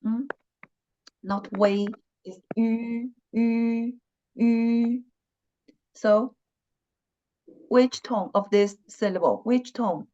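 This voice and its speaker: A woman teaches a language lesson online at an unhurried, deliberate pace. She repeats each syllable and tone many times with patient care. The sound is slightly dull and muffled, like class audio over the internet. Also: a little high, steady tone, dark tone. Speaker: Chinese teacher.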